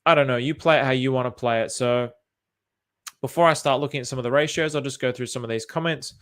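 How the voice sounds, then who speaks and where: A man's voice: mid-range voice, quick pace, a bit bright, clean tone. Rambling Australian man reading chat comments. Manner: rambling, thinking aloud with many fillers and restarts. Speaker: crypto chart commentator. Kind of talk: casual livestream chat reading viewer comments.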